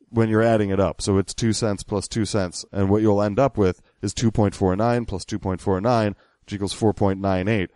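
A man's voice: fairly low pitch, a little mellow, no room sound. A man co-hosting a casual podcast, explaining things in a slightly pedantic, sarcastic way. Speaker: podcast co-host.

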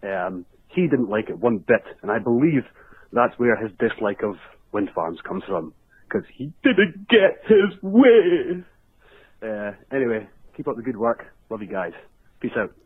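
A man's voice: on the low side, moderate pace, husky, no echo. A Scottish man leaving a casual, chatty voicemail story for a podcast. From Scotland. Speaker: caller. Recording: tinny phone line.

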